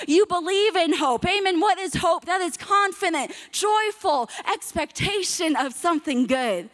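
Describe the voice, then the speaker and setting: A woman pastor preaching a sermon with lively call-and-response to the congregation. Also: very high voice, unhurried, hardly any pauses, big-room sound.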